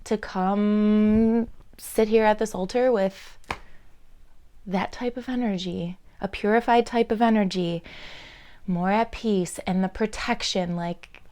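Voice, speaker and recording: Slow, dreamy young woman musing. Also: medium pitch, steady tone, dark tone, clear, resonant tone. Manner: dreamy, earnest, many "like"s and pauses. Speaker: spiritual vlogger. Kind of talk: casual reflective monologue.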